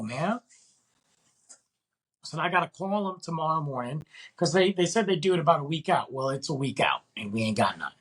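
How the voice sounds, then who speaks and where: A man's voice: fairly high pitch, fairly bright tone, husky. A man hosting a podcast, ranting in an exasperated, casual way and firing off rhetorical questions. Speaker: podcast host.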